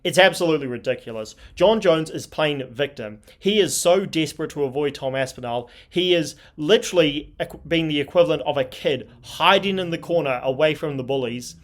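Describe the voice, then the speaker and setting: A man's voice: fairly high pitch, brisk, hardly any pauses. A man hosting a sports commentary channel, talking in an indignant, scornful tone. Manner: indignant, scornful, reads tweets aloud. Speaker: MMA commentary channel host. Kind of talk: opinionated commentary.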